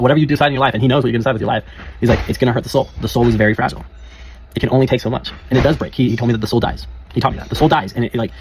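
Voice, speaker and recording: A man's voice: mid-range voice, a little hiss or hum. A young man speaking casually and earnestly in a rambling personal monologue, often laughing and restarting his sentences. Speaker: life coach.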